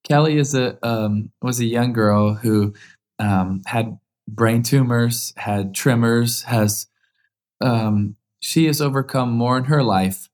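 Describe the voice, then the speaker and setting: A former football quarterback in his thirties, speaking in a rather low voice, shares a heartfelt personal story as an interview guest. He becomes more animated as the tale builds.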